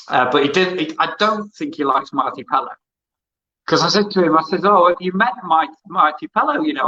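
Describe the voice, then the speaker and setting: Bright-voiced man telling rambling anecdotes. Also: fairly high pitch, gravelly, dull audio. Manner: rambling anecdotes, acts out quoted dialogue. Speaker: music interviewer and former hospital radio presenter. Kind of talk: casual interview storytelling.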